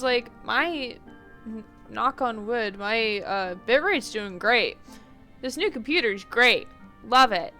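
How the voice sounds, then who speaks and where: A woman streaming a game, chatting casually in quick asides and laughing often. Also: a little high, sharp tone. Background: faint game music.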